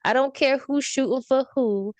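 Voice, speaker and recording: A woman's voice: high voice, normal speed, no echo. A woman hosting a podcast, chatting casually and ranting with frequent laughter. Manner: animated ranting, laughs often. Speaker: podcast host.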